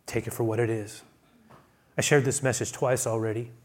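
A man preaching a sermon as pastor, who often restarts his phrases and swings between quiet asides and loud, raised emphasis. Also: level tone, moderate pace. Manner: builds to loud, high-pitched emphasis, then drops to quiet asides; repeats words and restarts phrases.

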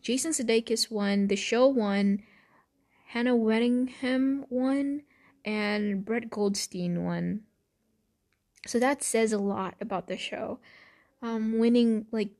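A woman's voice: a little high, darkish tone. A woman hosting a casual chat, rambling and swearing freely, with laughs and restarts. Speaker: podcast host.

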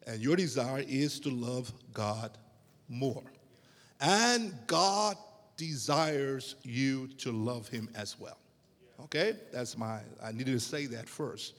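A man preaching a sermon to a congregation, with emphatic, drawn-out phrases and rhetorical questions. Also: mid-range voice, big-room sound. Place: church sanctuary.

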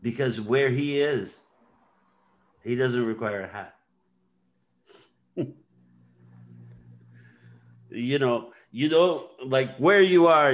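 A man hosts a podcast in a casual conversation, retelling scenes in a meandering way packed with fillers. His voice sits in the mid range, and he speaks very slowly with long pauses.

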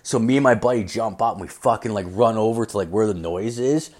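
A man's voice: fairly low pitch, brisk, darkish tone. A man in his thirties hosting a podcast, telling a long profane story in a rambling, crude way with constant filler words. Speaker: podcast host.

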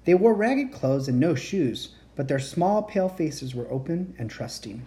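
A woman reading a children's chapter book aloud in a gentle, unhurried storytelling manner. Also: rumbling low, expressive. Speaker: reader.

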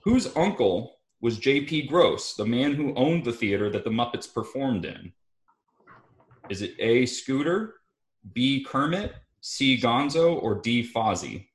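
A man hosting a casual trivia quiz, reading out multiple-choice questions to two players in a steady manner. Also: mid-range voice, measured pace, echoey room. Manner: reads multiple-choice options steadily, chuckles between questions. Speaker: quiz host.

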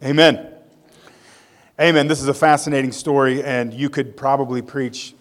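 A man's voice: medium pitch, steady tone, fairly quick. Man preaching a conversational sermon. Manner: conversational storytelling with asides. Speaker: pastor. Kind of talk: sermon with scripture reading and prayer.

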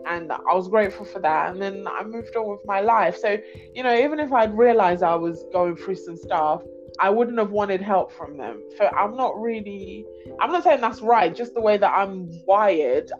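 A woman, a podcast guest telling a dramatic personal story in lively casual chat, laughing often. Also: mid-range voice, moderate pace, lo-fi sound, soft background music. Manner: animated storytelling, laughs often, acts out others' voices.

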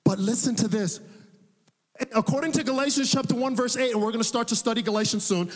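High-voiced preacher telling a lively story. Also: male voice, fast, big-room sound. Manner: animated storytelling, laughs at own story. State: sweating. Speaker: pastor. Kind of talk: sermon with personal storytelling.

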